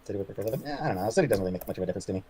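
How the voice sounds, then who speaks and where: A man chatting as a livestream guest, answering viewer comments in a halting way with many fillers and trailing off quietly. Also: lowish voice, big pitch swings, slightly rough. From Canada. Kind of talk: casual chat reading viewer comments.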